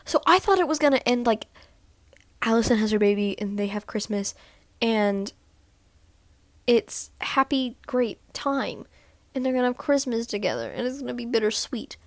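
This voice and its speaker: A woman's voice: on the high side, lively intonation, moderate pace, dry recording. A woman from Texas talking casually to camera in a rambling vlog recap, full of "like" and "um". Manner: rambling, lots of "like" and "um". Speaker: vlogger.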